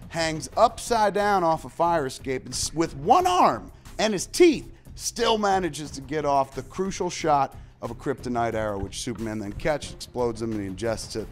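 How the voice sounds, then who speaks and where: A man in his forties co-hosting a casual comic-book debate, animated and swinging between loud and quiet, acting out the characters he quotes. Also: medium pitch. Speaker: co-host.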